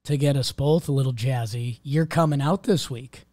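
Hoarse man hosting a sports podcast. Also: medium pitch, moderate pace, dark tone, dry recording. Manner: jokey, drops into gravelly impressions. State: hoarse, lost voice. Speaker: podcast host. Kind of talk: casual sports chat.

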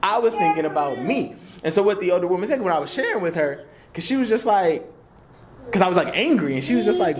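A young man in his twenties teaching a church class, conversational and animated, slipping into casual slang. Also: high voice, quick pace, crowd noise. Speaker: Bible teacher.

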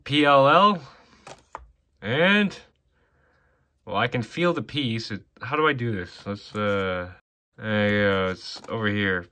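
A bright-voiced Canadian man of medium pitch opens packs of hockey cards at a normal speed. He reads the names off in a running list, tossing in offhand asides as casual box-break commentary.

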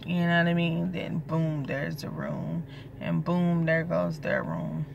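A woman's voice: low voice, flat delivery, slow, vocal fry, lo-fi sound, background noise. A pregnant young woman, talking casually to her viewers in a loose, rambling way and swearing freely. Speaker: vlogger. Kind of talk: casual chat to camera.

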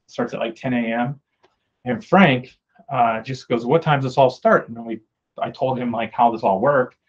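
A man's voice: mid-range voice, moderate pace. Midwestern male speaker, chatty storyteller who voices the people he quotes, dull lo-fi audio. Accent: American Midwest. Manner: anecdotal, acts out quoted dialogue; frequent fillers, conversational. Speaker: guest speaker. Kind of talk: casual storytelling talk.

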